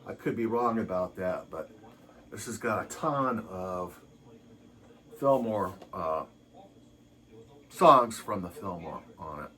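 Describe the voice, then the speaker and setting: Slow, halting male podcast host. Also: low-pitched, animated, bright, forceful tone. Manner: halting, filler-heavy. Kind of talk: casual show outro.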